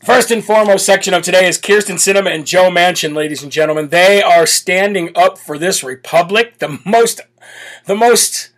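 Brash high-voiced American talk show host. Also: male voice, moderate pace. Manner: brash, reads donor messages, leads prayer; laughs and chants loudly. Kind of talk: livestream political talk.

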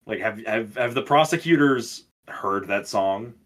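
A man's voice: fairly low pitch, animated, measured pace, a bit bright. A young man co-hosting a podcast, chatting casually and telling profane, ranting stories. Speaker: podcast co-host. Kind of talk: casual chat.

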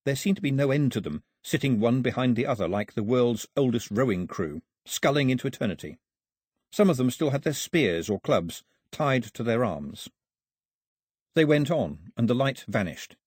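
A man reads an audiobook in a measured, storytelling way. His voice is husky and his pitch moves freely. The recording is dry and close. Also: lively intonation, darkish tone, no echo. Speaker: audiobook narrator. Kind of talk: scripted narration.

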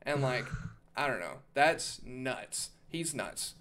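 A man's voice: mid-range voice, lively intonation, takes it slowly, background noise. A young man on a casual podcast, telling loose, profane stories full of fillers. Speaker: podcast co-host. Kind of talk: casual chat.

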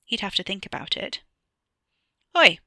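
A woman narrating her own short story aloud, measured and even. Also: medium pitch, dry recording. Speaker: author reading her story.

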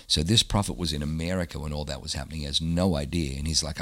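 A very deep, husky male voice, recorded dry and close. He is a pastor who tells his stories with animation and acts out other people's lines. It sounds like relaxed, conversational interview talk. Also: rapid-fire, hardly any pauses, no room sound. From Australia. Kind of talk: storytelling in a casual interview.

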